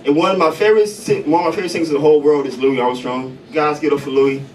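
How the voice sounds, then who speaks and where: A man from Chicago doing stand-up comedy in a coffee house, loose and profane with deadpan punchlines. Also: on the high side, very fast. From Chicago, USA. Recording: distant mic, noisy café room.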